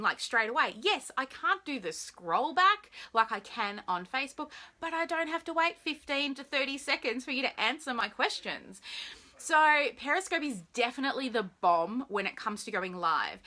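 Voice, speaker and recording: A woman's voice: fairly high pitch, bright, forceful tone. An Australian woman hosting a live stream, chatting casually and greeting viewers by name in a bubbly way.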